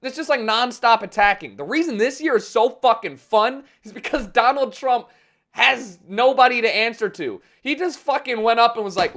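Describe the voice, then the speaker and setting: A man's voice: very high voice, normal speed, a bit bright. A young man ranting casually and sarcastically about politics, swearing often and rambling. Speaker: vlogger.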